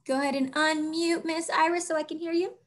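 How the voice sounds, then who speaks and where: High-voiced teacher coaxing young kids. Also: female voice, steady tone. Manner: patient, encouraging, slow and clear. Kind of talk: online class teaching young children. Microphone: video call.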